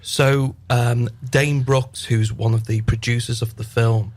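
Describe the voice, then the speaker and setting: A man, an actor guest on a radio interview, explaining in a measured way. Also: mid-range voice, fairly even intonation, a little mellow.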